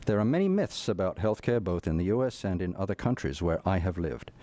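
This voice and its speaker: An older man from England, a retired professor, giving prepared testimony at a hearing in a measured, formal way. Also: low-pitched, very animated, mellow.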